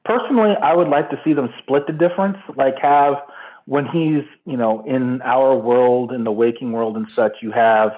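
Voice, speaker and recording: A man's voice: mid-range voice, normal speed. A man calling in to a fan show, talking casually and rambling with many fillers. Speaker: caller. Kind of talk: casual phone-in chat. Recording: tinny phone line.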